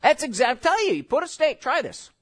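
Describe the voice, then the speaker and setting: A man preaching a sermon as pastor, animated and jokey, with sudden shouts, and slowing right down when he reads scripture. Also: very high voice. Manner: slow, drawn-out scripture reading.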